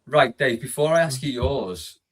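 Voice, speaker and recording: A man's voice: mid-range voice, expressive, unhurried, a bit bright. A man hosting a casual football podcast, easygoing and handing turns to the others. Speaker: podcast host. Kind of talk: casual chat.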